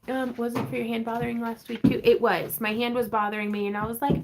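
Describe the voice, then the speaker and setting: A woman hosting a relaxed craft livestream from home, rambling in a chatty way and laughing often. She reads viewers' comments aloud and answers each one in an easygoing tone. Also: on the high side, a little fast, a little hiss or hum. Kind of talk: casual livestream chat.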